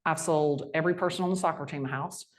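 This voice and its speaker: A woman's voice: low-pitched, fast. A woman, a guest speaker telling brash, folksy stories on stage at a sales rally. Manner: brash, lively, folksy storyteller. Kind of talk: storytelling talk on stage.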